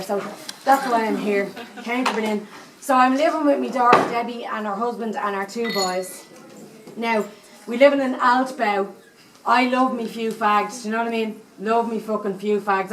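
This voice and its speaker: A woman's voice: on the high side, noisy background, close to an everyday voice. A woman performing a foul-mouthed 78-year-old Dublin psychic in a live stage comedy monologue, with a thick Dublin accent and constant swearing asides. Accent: Dublin Irish. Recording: echoey room, mic far off.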